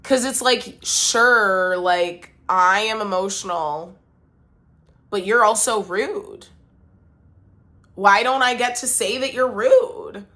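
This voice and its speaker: A woman's voice: mid-range voice, slow, sharp tone. A woman vlogger talking casually to her viewers, emphatic and exasperated as she vents. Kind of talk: casual talk to camera.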